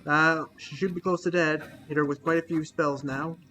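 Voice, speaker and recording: A man's voice: fairly high pitch, fairly even intonation, normal speed, bright, forceful tone, slight background noise. A man giving casual commentary while streaming a game, reacting aloud and talking to his chat.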